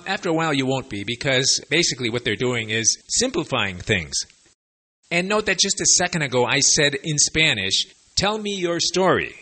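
Man, husky, bright forceful tone, animated pitch, chatty language lesson, wry sarcastic asides. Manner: lively, chatty explaining. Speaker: Spanish teacher for expats.

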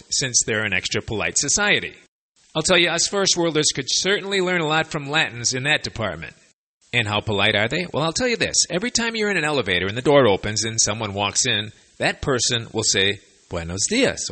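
Male language teacher with a husky, forceful voice and lively delivery; casual, wry, sarcastic asides. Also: mid-range voice. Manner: lively, chatty explaining. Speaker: Spanish teacher for expats. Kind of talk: conversational language lesson.

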